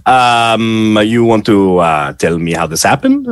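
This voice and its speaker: A man voicing a weary, exasperated male criminal boss in a tabletop game, grumbling low and bursting into cursing. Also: takes it slowly, dry recording. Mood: grim.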